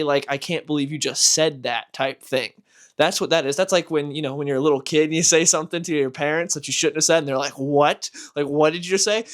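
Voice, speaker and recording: A man giving casual, animated commentary as a comic book channel host, exasperated and ranting. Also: fairly high pitch.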